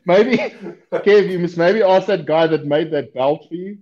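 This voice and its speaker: A man's voice: sits high, unhurried, a little mellow. A man chatting casually as a podcast guest over a video call, swearing and joking. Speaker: guest knifemaker. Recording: dull lo-fi call audio.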